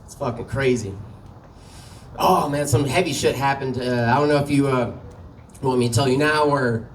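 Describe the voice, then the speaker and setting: A man's voice: medium pitch, moderate pace, recorded from a distance, a little hiss or hum, poor audio. A man doing a stand-up comedy set, telling a story in a loose, profane way and laughing at his own jokes. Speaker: stand-up comic. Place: small comedy venue.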